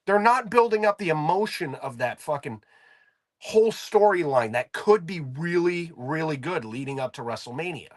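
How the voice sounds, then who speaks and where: A man co-hosting a casual podcast chat. His voice sits a bit high, and he rants in a laid-back, profane way. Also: lively intonation, moderate pace. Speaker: podcast co-host.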